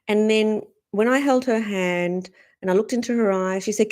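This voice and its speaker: A woman, a spiritual speaker, earnestly recounting a personal story in a gentle, reflective way. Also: mid-range voice, normal speed. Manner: earnest, gentle, acts out quoted dialogue.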